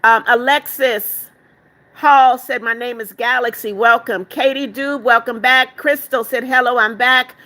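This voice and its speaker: A woman's voice: fairly high pitch, fairly even intonation, measured pace, sharp tone. A woman hosting a casual live stream, reading viewer comments aloud, greeting each person by name, calling them "darling", and firmly telling spammers off. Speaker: livestream host.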